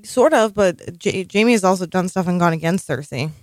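A woman's voice: on the low side, expressive, no echo, clean studio sound. A woman co-hosting a podcast in casual, rambling chat, full of strong opinions and swearing. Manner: chatty, profane, rambling, quick opinions. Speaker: podcast co-host.

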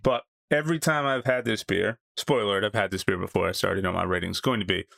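A man co-hosting a casual beer review podcast, talking in a relaxed, enthusiastic way with some filler words. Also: on the low side, quick pace, creaky, no echo, studio quality. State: married. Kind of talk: casual chat.

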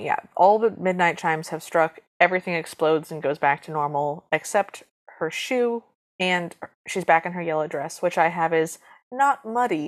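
A woman co-hosting a podcast, recapping a movie with dry, deadpan remarks. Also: sits low. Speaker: podcast co-host. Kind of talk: casual chat recapping a movie.

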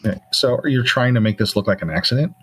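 A man narrating as game master, in a relaxed, halting way with many fillers. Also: medium pitch, breathy edge.

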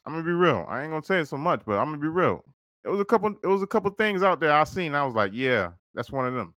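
A man's voice: on the high side, big pitch swings, fast, fairly bright tone, no room sound, studio quality. A man hosting a podcast, telling a story casually and profanely, acting out quoted dialogue. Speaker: podcast host.

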